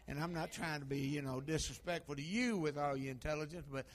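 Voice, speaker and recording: Preacher man, middle-aged, fairly high voice, folksy sermon storytelling. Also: fast talker. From Harlan County, Kentucky. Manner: folksy storytelling, swinging from hushed asides to loud exhortation.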